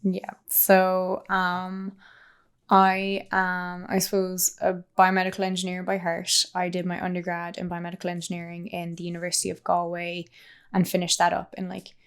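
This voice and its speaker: A woman's voice: on the low side, completely flat delivery, normal speed, smooth. A young Irish woman in her twenties, chatting as an interview guest with lots of laughs and fillers. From Ireland. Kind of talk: casual interview chat.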